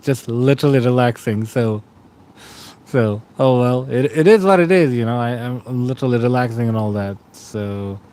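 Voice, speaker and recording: A man's voice: mid-range voice, normal speed, clear, resonant tone. A man in his thirties from Australia, chatting casually with stream viewers while lying tired in bed. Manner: relaxed, rambling, greets chat by name.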